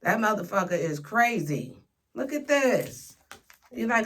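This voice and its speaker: A woman's voice: medium pitch, lively intonation, measured pace, fairly bright tone. A woman giving a casual, sassy tarot reading, talking straight to her viewers with playful slang. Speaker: tarot reader.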